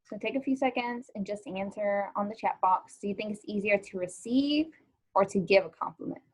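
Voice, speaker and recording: A woman's voice: mid-range voice, fairly quick. A woman teaching a social skills lesson to an online class. She talks in a chatty, informal way, with many "ums" and "likes", and keeps asking the students questions.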